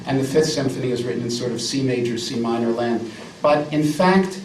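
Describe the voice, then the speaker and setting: A man's voice: mid-range voice, brisk, slight background noise. A man in his fifties giving a live lecture as a pianist, emphatic and jokey, repeating words for effect. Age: 50s. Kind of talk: live music lecture with piano examples. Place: salon lecture room indoors. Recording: roomy, distant live recording with piano.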